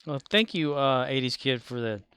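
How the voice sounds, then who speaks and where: A game streamer chatting casually and quietly with viewers, often trailing off into mumbles. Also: lively intonation, normal speed, clean tone. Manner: quiet, mumbling, low-key. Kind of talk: casual live-stream chat.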